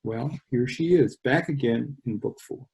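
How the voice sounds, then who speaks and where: A man's voice: mid-range voice, measured pace, vocal fry, darkish tone, low-quality recording. A male author reading his own novel aloud over a video call and chatting about it between passages.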